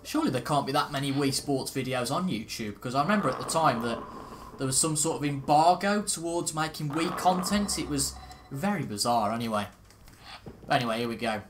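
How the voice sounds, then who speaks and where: A man's voice: medium pitch, animated, a little fast, music in the background. A young man casually commentating on a video game, chatty and self-mocking, reacting aloud as he plays. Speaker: gaming video host. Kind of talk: casual let's-play commentary.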